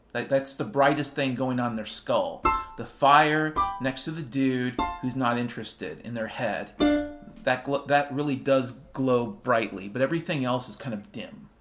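A man in his fifties hosting a rambling solo monologue, irreverent and profane, sometimes drifting into half-sung refrains. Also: medium pitch. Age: 50s. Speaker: show host.

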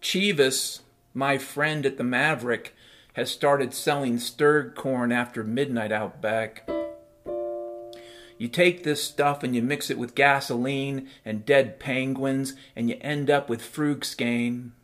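A man talks in a rambling solo monologue, full of swearing and dry sarcasm, then drifts into deadpan absurd tales. His pitch sits in an ordinary middle range. A faint piano plays quietly behind him. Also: slow pace. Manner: profane, sardonic, deadpan absurdist storytelling.

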